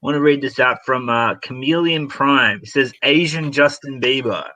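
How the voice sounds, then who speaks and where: A man with an Australian accent, a guest on a livestream, chatting in an excitable, slangy way and laughing often. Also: medium pitch, moderate pace. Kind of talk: casual livestream chat.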